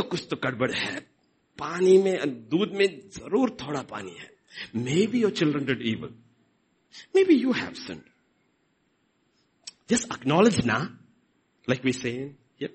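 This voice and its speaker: A middle-aged man with an Indian accent preaching a sermon, swinging between loud emphasis and soft asides. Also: lowish voice, breathy edge, poor audio. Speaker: pastor.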